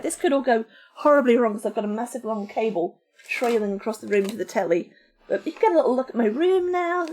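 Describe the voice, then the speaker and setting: Woman, live game streamer, fairly high voice, chatty and lively, faint music under her. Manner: chatty, animated, reads and answers chat. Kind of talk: casual live-stream chat.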